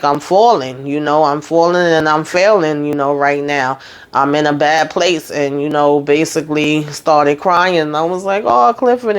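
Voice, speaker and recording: Woman, casual show recap, chatty and animated, talks to viewers directly, home room. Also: low voice, smooth. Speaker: TV recap host.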